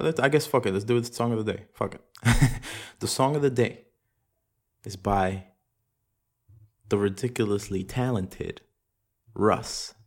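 A young man hosting a casual solo podcast, rambling and swearing a lot, often laughing at himself. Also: mid-range voice. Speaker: podcast host. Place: home room with echo.

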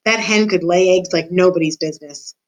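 A woman reading a storybook aloud, voicing a coarse, cruel peasant uncle who jeers loudly. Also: lowish voice, a little fast, close to an everyday voice, low-quality recording. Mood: jeering. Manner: loud, jeering, gruff.

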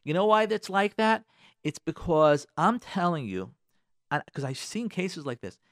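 A middle-aged radio talk show host delivers an emphatic advice monologue, insistently repeating phrases and addressing listeners directly. His high voice is expressive and fairly bright, his pace a little slow, with clean studio sound and no room sound.

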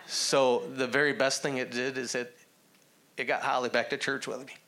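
A man with a bright, forward voice at a middle pitch. He speaks earnestly and plainly, sharing his testimony. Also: flat delivery, moderate pace. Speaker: church member giving testimony with his wife. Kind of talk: spoken testimony.

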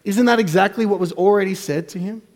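A fast-talking pastor with a gravelly voice gives a sermon in an echoing church hall with long reverb. He lurches dramatically from quiet, low asides into raised, emphatic declarations.

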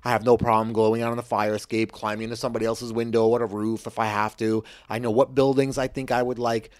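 A man's voice: medium pitch, level tone, fast, a little mellow. A man co-hosting a podcast, trading wry, profane banter in casual chat. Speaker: podcast co-host.

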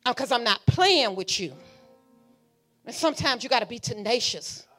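A woman pastor preaches in church, her voice high, bright and ringing. She talks to the congregation in a fiery, conversational way, slipping into quiet asides and then rising to shouts. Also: animated, moderate pace, faint music behind. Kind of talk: sermon. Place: church sanctuary.

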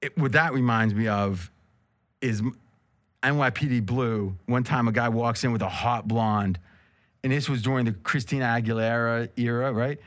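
A man's voice: mid-range voice, steady tone, moderate pace, fairly bright tone, no room sound. A man hosting a casual chat show, rambling and joking as he tells stories. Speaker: host.

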